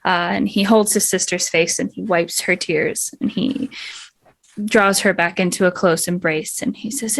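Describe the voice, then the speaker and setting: A woman's voice: on the low side, steady tone, a little slow, gravelly, no echo. Woman narrating as game master. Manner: descriptive, with fillers.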